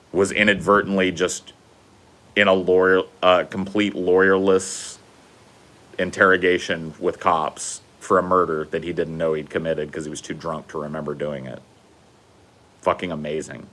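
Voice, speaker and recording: A man's voice: sits low, flat delivery, unhurried, long pauses, fairly bright tone. A man hosting a casual solo podcast outdoors, talking bluntly and sardonically with plenty of swearing. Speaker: podcast host. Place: outdoors, smoking before going in.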